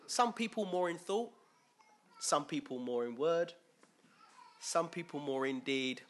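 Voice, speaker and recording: A man's voice: on the high side, lively intonation, a little slow. A man giving an informal, conversational sermon, often asking his listeners questions. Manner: conversational, asks listeners questions, acts out quoted voices. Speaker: preacher.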